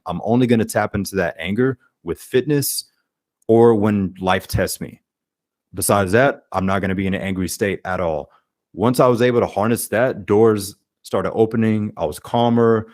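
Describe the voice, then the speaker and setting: A low-voiced man talks as a podcast guest in an animated, casual way, slipping into little acted-out quotes of what people say. The sound is close and dry, with almost no room in it. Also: dry recording. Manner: energetic, acts out quoted speech. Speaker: podcast guest, life coach. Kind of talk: casual interview chat.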